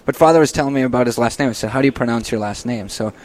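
Friendly radio priest host. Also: male voice, mid-range voice, very fast, darkish tone. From Minnesota. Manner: friendly, with frequent ums and restarts. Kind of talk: casual radio chat. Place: radio studio.

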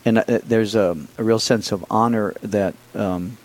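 The audio is poor as a middle-aged man, a priest appointed bishop, shares stories in an interview at a relaxed pace. His somewhat low voice keeps a fairly even intonation, broken up by frequent restarts, fillers like "uh" and "um," and quiet laughter.

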